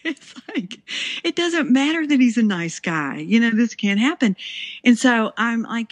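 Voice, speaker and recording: Middle-aged woman, dry close sound, animated storyteller, acts out dialogue, laughs a lot. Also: on the high side, normal speed, no room sound. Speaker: interview guest. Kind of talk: casual storytelling. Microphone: handheld recorder.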